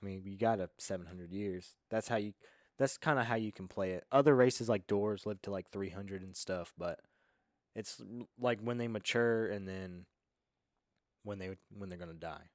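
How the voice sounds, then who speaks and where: Young man, low voice, relaxed game-master explainer, dry mic. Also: normal speed, no room sound. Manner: relaxed, filler-heavy explaining. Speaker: podcast host and game master. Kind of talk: casual explanatory chat.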